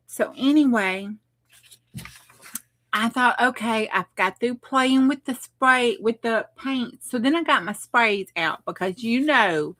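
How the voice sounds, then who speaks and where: On a craft livestream, a middle-aged woman with a highish, fairly bright voice speaks a little slowly. She's chatty, laughs frequently, and replies to comments from her viewers.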